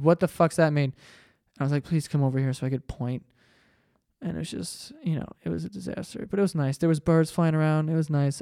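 Young man, podcast host, casual storytelling, profane, animated, fairly high voice, smooth clear tone, dry close sound. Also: dry recording.

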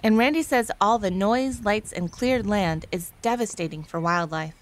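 A woman radio reporter narrating a news feature in a calm, measured, descriptive way. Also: medium pitch. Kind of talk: scripted news narration and field interview.

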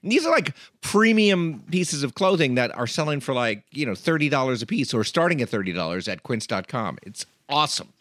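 Lively man reading an ad. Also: mid-range voice, brisk, few pauses, no room sound, studio quality. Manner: enthusiastic, animated. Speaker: podcast host. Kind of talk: casual host-read ad.

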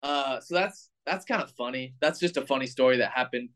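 A young man in his twenties, a baseball player, telling a story in a casual, animated way with lots of filler words. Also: mid-range voice, a little fast.

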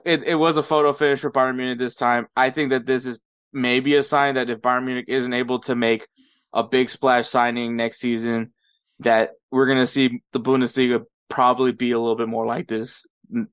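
A man hosting a football podcast, laying out the season's results in an orderly, even way. His voice is smooth and clear, recorded close with no room sound. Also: mid-range voice, dry recording. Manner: measured, methodical recapping with small laughs. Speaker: podcast host. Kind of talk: casual sports recap.

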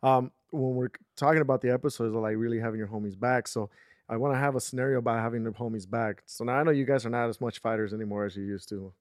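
A man's voice: mid-range voice, quick pace, no room sound, clean studio sound. A man hosting a casual chat, telling stories and acting out the quotes with rising heat. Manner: animated storyteller, acts out quotes with rising intensity. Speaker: podcast host.

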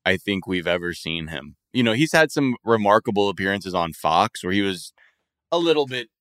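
A man with a lowish voice hosting a casual comedy podcast. He talks with wry, sarcastic asides, recorded close and dry with no room sound. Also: very animated, normal speed, a bit bright, no echo. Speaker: podcast host.

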